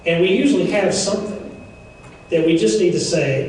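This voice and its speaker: This seminar speaker's voice sits high with a darkish tone, moving at normal speed as he chats and jokes through playful asides. He's in an event room, captured by a distant mic in an echoey space with a little background noise.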